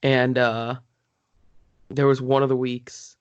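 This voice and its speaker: A man's voice: medium pitch, flat delivery, takes it slowly, smooth, no room sound. A man, a wrestler on a podcast, talking bluntly in casual chat and swearing offhand. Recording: dull dry lo-fi sound.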